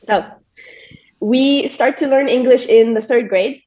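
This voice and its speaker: A woman's voice: a little high, a little slow. Woman on a dull call line. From Montreal, Canada. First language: French. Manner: relaxed, with many fillers like "like" and "you know". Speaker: podcast guest, yoga teacher and stress coach. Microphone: video call.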